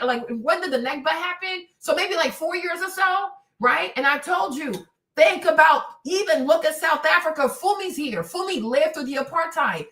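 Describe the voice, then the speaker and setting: A woman's voice: high-pitched, a bit bright, reverberant, distant mic. A woman hosting a livestream, talking in an impassioned, rambling and profane way. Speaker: host. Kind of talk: livestream commentary.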